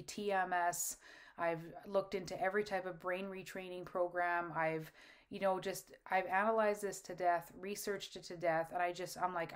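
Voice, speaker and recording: A middle-aged woman telling her own story to camera in a candid, earnest way. Her voice sits somewhat low for a woman. She talks loosely, with fillers and restarts, like someone confiding in listeners. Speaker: host. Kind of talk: personal testimony to camera.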